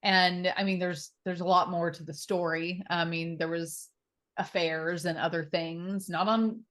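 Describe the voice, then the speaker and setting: Podcast guest, woman in her thirties, lowish voice, candid and emotional, rambling with fillers and casual swearing. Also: fairly even intonation, unhurried, a bit bright. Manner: open, emotional storytelling with frequent fillers and swearing. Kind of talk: candid personal interview.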